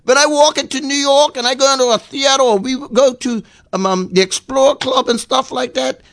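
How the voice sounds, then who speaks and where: High, rambling man on talk radio. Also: moderate pace, vocal fry, no room sound, clean studio sound. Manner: rambling, repeats words, animated storytelling. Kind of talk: casual radio chat.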